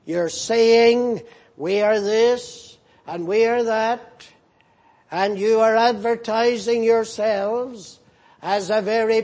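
Male pastor, slow and deliberate sermon delivery, husky tone, earnestly rebuking. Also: high voice, a little mellow. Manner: earnest, rebuking, emphatic repetition.

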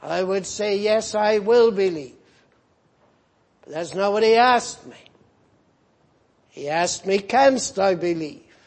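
A man's voice: sits high, animated, slow, long pauses, full character voice. A man acting out a desperate father who cries out in anguish, pleading and broken.

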